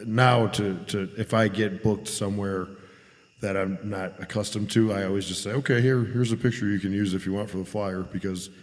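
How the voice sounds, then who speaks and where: A man chatting casually on a podcast, rambling and halting as he talks. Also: fairly low pitch, fairly even intonation, long reverb tail. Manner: rambling, halting, laid-back. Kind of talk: casual chat.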